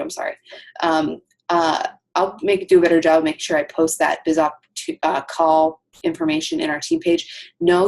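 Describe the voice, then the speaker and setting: A woman's voice: on the low side, gravelly, a little mellow, breathy edge. A woman coaching her team on a casual call, chatty with lots of ums and asides.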